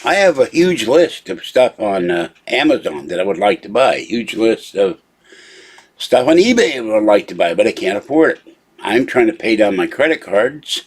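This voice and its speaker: A man's voice: lowish voice, big pitch swings, moderate pace, slightly rough. A man hosting his own channel, talking casually at his computer and complaining at length in an irritated, rambling way. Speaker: channel host. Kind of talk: casual live video rant.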